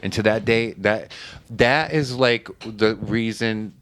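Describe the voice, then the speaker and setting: A man's voice: lowish voice, slow, a bit bright, no room sound. A man from Connecticut telling a story as a podcast guest in casual, profane chat. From New Haven, Connecticut.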